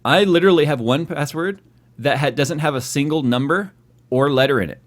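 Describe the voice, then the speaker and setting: A man's voice: on the high side, fairly quick. A man hosting a tech live stream, chatting casually and teasing his co-host. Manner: teasing, joking.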